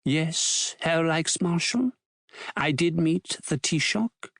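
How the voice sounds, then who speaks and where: A man's voice: fairly high pitch, expressive, slow, gravelly, fairly bright tone, no echo, studio quality, exaggerated voice. A man voicing a wary German scholar who answers formally and carefully, with a respectful title each time. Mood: cautious.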